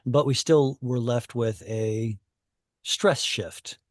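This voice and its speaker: A man teaching a Hebrew class online over a video call, explaining patiently and thinking aloud with pauses. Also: medium pitch, dry recording, studio quality.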